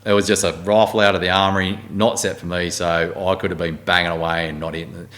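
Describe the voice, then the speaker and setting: A man's voice: sits low, fast talker. A middle-aged Australian man, an army warrant officer, telling blunt, swearing war stories in a casual interview. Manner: blunt, swearing, animated storyteller.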